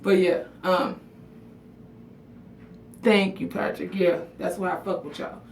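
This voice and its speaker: A woman talks straight to her livestream viewers, frank and emotional, swearing freely and calling out commenters by name. Her voice sits low with a gravelly fry. She stands in a bathroom some way from the mic, so the sound is echoey with faint room noise. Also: little pitch movement, slow, a little mellow. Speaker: livestream vlogger. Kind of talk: casual livestream chat to viewers. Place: bathroom at home. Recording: echoey room audio picked up from a distance.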